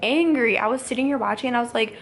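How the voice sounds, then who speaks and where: A woman in her twenties and a young mother, ranting casually to camera in a fast, rambling way full of "like". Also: on the high side. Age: 20s.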